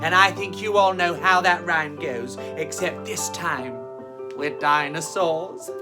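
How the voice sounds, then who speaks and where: Woman, children's storyteller, slow unhurried delivery, slightly low pitch, theatrical and gushing. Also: over music. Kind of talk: library rhyme time and storybook reading.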